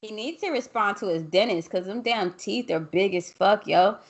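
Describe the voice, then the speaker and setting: A woman's voice: mid-range voice, lively intonation, moderate pace, slight background noise. A woman co-hosting a podcast who rants bluntly in profane slang. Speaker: podcast co-host. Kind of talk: casual podcast banter.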